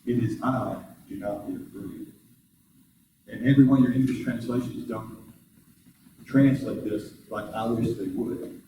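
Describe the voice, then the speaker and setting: A man preaching a sermon as pastor, talking to the congregation in a conversational way with rhetorical questions, and jumping up high in pitch when he acts out quoted voices. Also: steady tone, measured pace, pauses often, noisy background. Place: church sanctuary. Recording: very echoey room, voice far from the mic.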